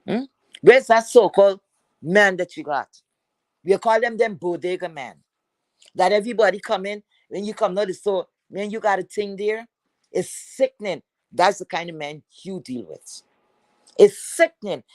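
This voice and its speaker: A woman's voice: mid-range voice, normal speed, darkish tone, no room sound. A woman from Philadelphia hosting a livestream, ranting and taunting a rival with heavy profanity. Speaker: livestream host.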